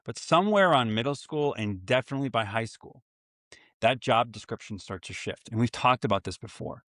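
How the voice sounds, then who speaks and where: A man's voice: mid-range voice, a little fast, a bit bright, dry recording, studio quality. A man in his forties hosting a solo parenting podcast, earnest and reflective, with self-mocking asides. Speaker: podcast host for fathers.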